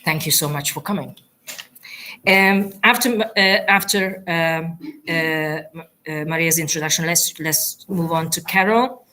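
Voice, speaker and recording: A woman's voice: low voice, measured pace, pushed and bright. A woman hosting a poetry reading in a university lecture theatre, introducing the readers with many fillers and restarts. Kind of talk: live event introduction.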